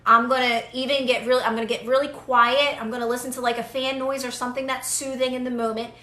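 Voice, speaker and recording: A woman's voice: a little high, little pitch movement, fast talker, pushed and bright, echoey room. A young woman giving casual, earnest manifestation advice to viewers on a live stream, repeating phrases for emphasis.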